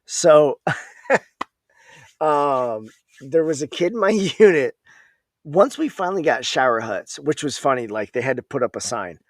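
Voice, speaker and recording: A man's voice: mid-range voice, expressive, measured pace, long pauses, no room sound. A man in his thirties hosting a casual podcast, talking in a laid-back, wry, profane way. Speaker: podcast host, veteran. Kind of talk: casual conversation.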